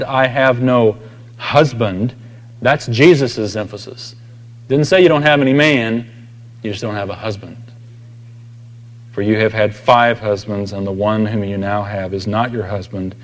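Man, preaching, middle pitch, swings between loud emphasis and hushed intensity, church hall reverb. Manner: conversational, dramatic shifts between loud emphasis and quiet intensity. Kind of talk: sermon.

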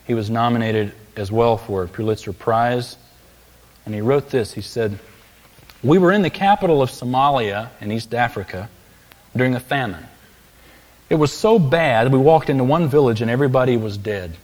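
A male preacher delivering a sermon in a large church sanctuary, his mid-pitched voice carrying a long hall reverb. He speaks with emphatic rises on key phrases, then settles back into storytelling. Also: normal speed, a little mellow. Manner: emphatic, building to raised peaks on key phrases.

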